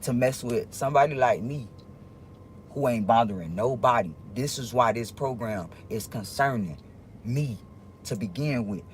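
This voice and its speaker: A man's voice: mid-range voice, slight background noise. Rambling man talking on a livestream. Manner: rambling, halting, with many restarts; earnest, confiding tone addressing viewers. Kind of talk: casual livestream monologue.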